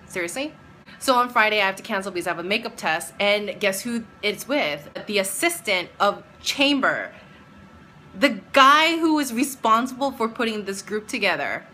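A woman in her thirties telling a story in a casual vlog, animated and exasperated, acting out bits of dialogue. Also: medium pitch, normal speed, a little hiss or hum. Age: 30s. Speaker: vlogger; doctoral music student and teacher.

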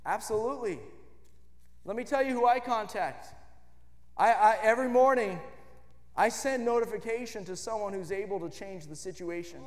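Guy with a really high voice preaching, emphatic, builds to shouting, long echo of a church sanctuary. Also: moderate pace. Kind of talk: sermon. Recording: long reverb of a church hall.

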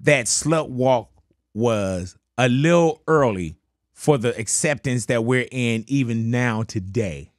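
A man's voice: medium pitch, takes it slowly, no echo. A middle-aged man hosting a casual studio interview, telling stories with slang in a laid-back way. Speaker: radio host.

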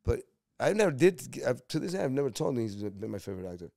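A man in his fifties from Puerto Rico, an actor telling profane, animated stories as an interview guest. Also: mid-range voice, fast talker, vocal fry, dry recording, studio quality. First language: Spanish. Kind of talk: casual storytelling interview.

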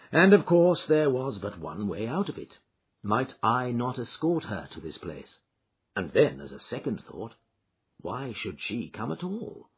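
Husky guy reading an old detective story, really lively up and down, muffled lo-fi audio. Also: medium pitch. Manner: expressive, dramatic storytelling. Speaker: audiobook narrator. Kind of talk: scripted narration of a classic story. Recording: dull lo-fi recording.

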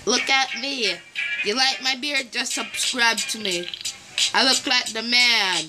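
A gaming video host giving playful, silly commentary while playing, with drawn-out chants. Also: mid-range voice. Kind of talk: casual gameplay commentary. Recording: game music clearly behind.

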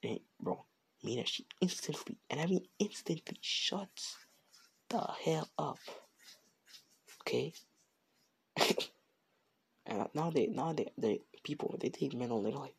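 Slow, gravelly young man rambling. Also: fairly high pitch, animated. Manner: rambling, slangy, self-correcting. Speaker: fan fiction storyteller. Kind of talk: casual improvised storytelling.

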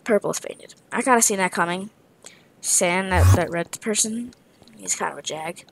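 A woman's voice: fairly low pitch, moderate pace, creaky, slight background noise. A tired woman giving casual commentary on her own gameplay, rambling and tossing out playful trash talk with muttered asides.

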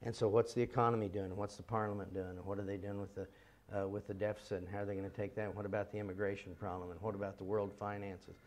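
A man's voice: on the low side, little pitch movement, racing. A man teaching a ministry seminar in an earnest, emphatic way, repeating key phrases and firing off runs of rhetorical questions.

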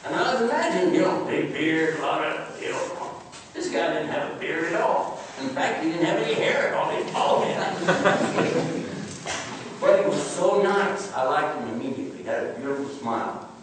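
A man's voice: a little high, expressive, normal speed. A man giving a humorous storytelling lecture to an audience, chatty, joking with listeners and asking them questions. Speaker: guest speaker. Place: large echoing lecture hall. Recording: very echoey hall, voice from far off, background noise.

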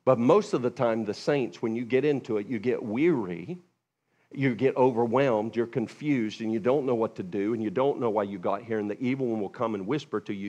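A man preaching a sermon as pastor, lively and conversational, acting out quoted voices with sudden high jumps and dropping low and quiet for asides. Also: brisk. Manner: animated, acts out quoted voices with big pitch jumps; drops to a hushed, low voice for asides.

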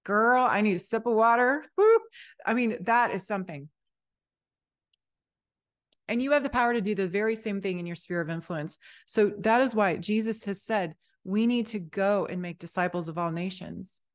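A woman's voice: medium pitch, moderate pace. A woman hosting a faith-based fitness podcast, talking to listeners with an exuberant, preachy enthusiasm and reading scripture aloud. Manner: exuberant, preachy pep talk. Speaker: podcast host.

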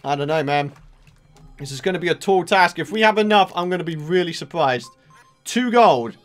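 A young man giving let's play commentary, excitable and exasperated, ranting with sudden outbursts. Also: a little high, normal speed, faint music behind. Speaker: gaming channel host.

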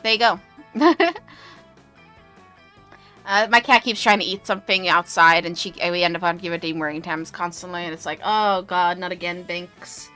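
A woman's voice: lowish voice, moderate pace, long pauses, pushed and bright, soft background music. A woman streamer chatting casually while playing a game, giggly and rambling. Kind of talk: casual gaming stream chat.

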